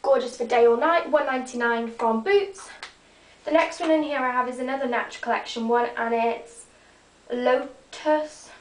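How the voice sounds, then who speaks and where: A woman's voice: sits high, moderate pace, recorded from a distance. A teenage girl, chatting casually and rambling as she shows off her makeup. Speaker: beauty vlogger. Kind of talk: casual makeup show-and-tell. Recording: echoey room, voice off-mic.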